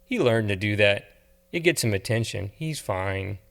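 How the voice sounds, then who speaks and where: Blunt, dismissive waitress, voiced by a male narrator, low and unhurried. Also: expressive, creaky, fairly bright tone. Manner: scoffing, dismissive. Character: no-nonsense female cafe waitress, blunt.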